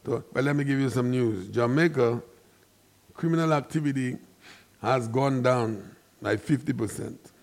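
A man with a Saint Lucian accent speaks in a mid-range voice, delivering a fervent, preachy monologue. He hammers his points home and often swells into loud, emphatic bursts. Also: mid-range voice, fairly even intonation, moderate pace. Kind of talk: impassioned monologue.

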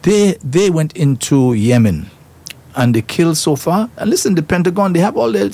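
A man's voice: on the high side, sing-song, normal speed, warm tone. A man hosting a current-affairs talk show, opinionated and emphatic, prodding with rhetorical questions.

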